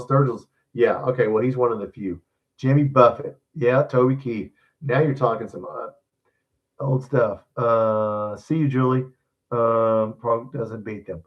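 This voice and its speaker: A man, hosting a sports live stream in blunt, grumbling casual chat. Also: mid-range voice. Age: 60s. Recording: dull distant mic sound.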